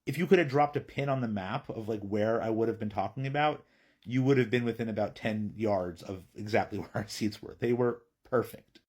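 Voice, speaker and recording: A man telling a personal story in a chatty, animated vlog. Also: fairly low pitch, brisk, husky.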